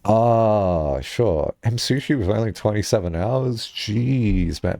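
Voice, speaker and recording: A man chatting casually on a live stream, rambling and laughing often, jumping up high when excited, on a headset mic. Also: slow, vocal fry, no echo, studio quality.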